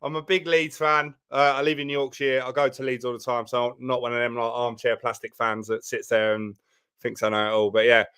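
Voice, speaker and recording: A man's voice: medium pitch, little pitch movement, fairly quick, fairly bright tone, smooth. A man with a Southern English accent joining a live stream over a video call, laid-back and slangy with easy enthusiasm. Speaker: guest. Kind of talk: casual live stream chat.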